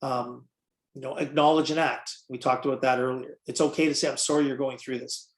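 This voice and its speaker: A man's voice: medium pitch, fairly even intonation, fairly quick, echoey room. A man presenting a training webinar in a conversational way, with many fillers, and answering questions from the audience. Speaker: workshop presenter.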